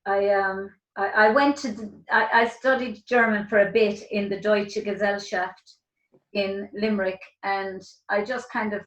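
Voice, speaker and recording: A woman's voice: mid-range voice, steady tone, measured pace, fairly bright tone, roomy sound, muffled recording. An older Irish woman hosting a casual interview chat, rambling with many restarts. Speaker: host.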